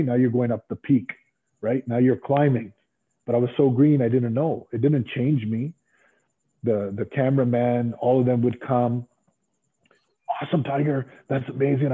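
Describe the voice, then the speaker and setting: A middle-aged man, a guest in a long interview, telling stories in an animated way and acting out the dialogue he quotes. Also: mid-range voice, breathy edge. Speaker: interview guest, former pro wrestler. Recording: tinny phone-like line.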